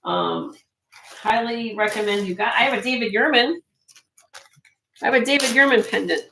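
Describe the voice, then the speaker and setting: Kinda high-voiced woman doing a live jewelry sale, loud and excited, chatty sales talk. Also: moderate pace, a little hiss or hum. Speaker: online jewelry seller.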